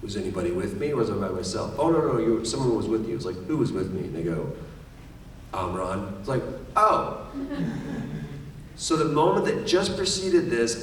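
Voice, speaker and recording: A middle-aged man speaking as a voice actor guest on a convention panel. He tells stories with energy and acts out quoted lines. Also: medium pitch. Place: large convention hall. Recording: echoey hall, distant mic, faint noise.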